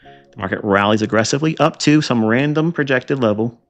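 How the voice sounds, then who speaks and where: A man's voice: mid-range voice, brisk, faint music behind. A man teaching chart trading in a lecture, emphatic and repetitive, firing rhetorical questions and scolding asides. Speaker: trading educator.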